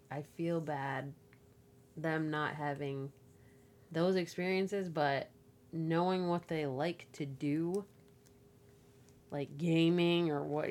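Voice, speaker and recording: A woman in her thirties co-hosting a podcast, chatting casually and acting out people's voices when she tells a story. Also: low-pitched. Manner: animated storyteller, acts out voices in quotes. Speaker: podcast co-host. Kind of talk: casual chat.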